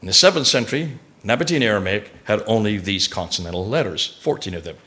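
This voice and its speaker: Animated man lecturing an audience. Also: lowish voice, fast talker. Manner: animated, asks the audience rhetorical questions.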